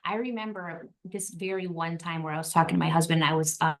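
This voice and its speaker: A woman's voice: low-pitched, little pitch movement, fast. A woman guest on a podcast, talking in an earnest, reflective way and repeating phrases for emphasis. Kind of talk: heartfelt podcast conversation.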